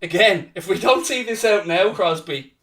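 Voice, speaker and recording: A man's voice: high voice, normal speed, fairly bright tone, recorded from a distance. A man hosting a live football watchalong, swearing, cheering his team on and winding up rival fans. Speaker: host of a football fan watchalong. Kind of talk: live reactive match commentary, casual banter.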